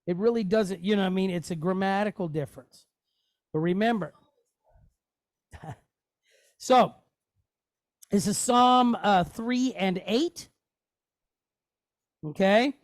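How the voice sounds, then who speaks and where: A man teaching a Hebrew lesson in a relaxed, conversational way, often checking in with his listeners. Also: high voice, measured pace, long pauses, no echo, studio quality. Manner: conversational, checks in often with "okay?" and "you know". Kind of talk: casual teaching, explaining on screen.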